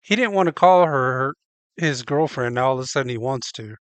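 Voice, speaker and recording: A man's voice: medium pitch, animated, fairly quick, dry recording. A man hosting, reacting bluntly and with profanity, mocking what he hears. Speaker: host reacting. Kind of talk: casual reaction commentary.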